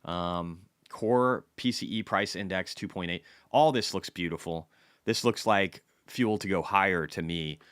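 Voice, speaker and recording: A man's voice: sits low, unhurried, fairly bright tone, clear, resonant tone, no echo, studio quality. A man hosting a casual stock market livestream, blunt and chatty, reading economic data aloud and answering viewers' questions.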